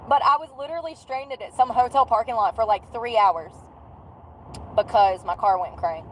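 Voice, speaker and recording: A woman's voice: on the high side, moderate pace, slight background noise, rough recording. A woman telling a rambling, candid story in casual slang while she drives.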